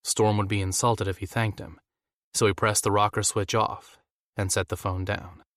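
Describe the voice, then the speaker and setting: A man narrating a fantasy audiobook in a steady, measured way. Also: fairly low pitch, dry recording, clean studio sound. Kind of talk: scripted narration.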